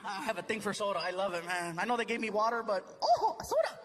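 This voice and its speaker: A male stand-up comedian from the United States, telling jokes in a playful, lively way and laughing at his own lines. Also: sits high, fast talker. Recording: live club recording with loud crowd. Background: audience laughter and noise.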